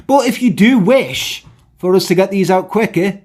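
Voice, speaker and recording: A man's voice: sits high, lively intonation, moderate pace, darkish tone. A young man co-hosting a podcast, chatty and self-mocking in casual talk. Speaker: podcast co-host.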